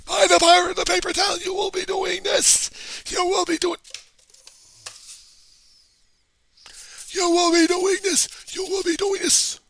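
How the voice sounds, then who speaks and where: A man voicing a manic male hypnotist preacher who commands the masses in a booming, theatrically unhinged way, recorded on a webcam at home. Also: unhurried, sharp tone. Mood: shrieking frenzy.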